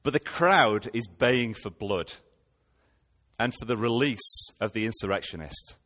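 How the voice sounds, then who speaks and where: A man's voice: fairly low pitch, unhurried, a bit bright, big-room sound. A man preaching a sermon, retelling scripture and posing rhetorical questions to his listeners.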